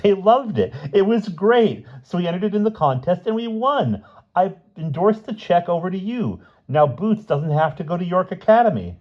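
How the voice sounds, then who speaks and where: A man voicing an excitable teenage girl who talks in a rushed, excited way. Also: medium pitch, dull audio, voice pushed up, natural voice.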